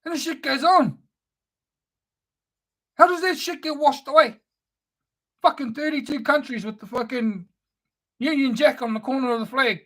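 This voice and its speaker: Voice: sits high, moderate pace, long pauses, fairly bright tone. A speaker delivering an angry, profane, sneering spoken-word rant.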